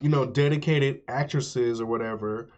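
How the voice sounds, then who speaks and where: A man's voice: mid-range voice, normal speed, darkish tone, dull audio. A man hosting a gaming channel, giving chatty, opinionated, emphatic let's play commentary.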